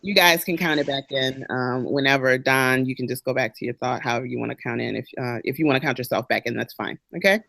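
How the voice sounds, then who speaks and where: A woman's voice: extremely low pitch, fast, vocal fry, few pauses, fairly bright tone, no room sound. A woman co-hosting a podcast, chatty and joking, talking expressively. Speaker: podcast co-host. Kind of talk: casual chat.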